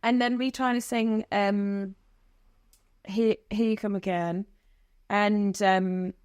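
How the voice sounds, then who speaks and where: A chatty British woman talks casually in a dry, close studio sound. She rambles along and laughs often, with a mid-pitched voice. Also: steady tone, slow pace, a little mellow, smooth, no echo. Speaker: guest singer. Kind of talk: casual interview chat.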